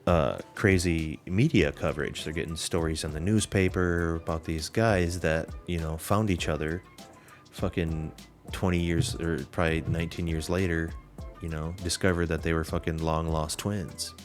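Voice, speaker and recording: A man with an extremely deep voice hosts a casual podcast chat. He tells a story in a loose, meandering way, full of "like" and "um" and frequent swearing. Faint music sits underneath his voice. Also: steady tone, normal speed. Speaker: podcast host.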